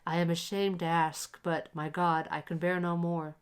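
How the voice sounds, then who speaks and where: A woman's voice: lowish voice, level tone, normal speed, clear, resonant tone, lightly acted. A woman voicing a poor, cold father who speaks in a hollow, shaking voice. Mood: pleading. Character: poor, cold, trembling father, ashamed and weary.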